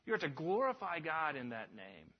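A man preaching a sermon, earnest and emphatic, swinging between lifted passages and hushed drops. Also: on the high side, huge pitch swings, normal speed. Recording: dull lo-fi recording.

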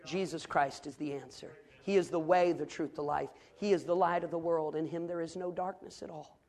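Middle-aged male preacher, storytelling sermon voice that swells to fervent shouting. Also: fairly high pitch, steady tone, a little fast.

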